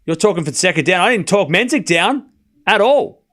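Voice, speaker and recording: Man with a higher pitch, calling tennis live. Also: expressive, moderate pace, a bit bright. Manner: sarcastic, argues back at chat; calls points between rants. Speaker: tennis watchalong streamer and host. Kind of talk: live commentary and casual chat with viewers.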